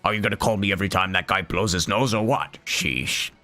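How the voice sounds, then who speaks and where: A hoarse man voicing a pompous, bossy male monster king with a pirate-like growl. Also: deep voice, brisk, sharp tone, faint music behind. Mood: grumpy.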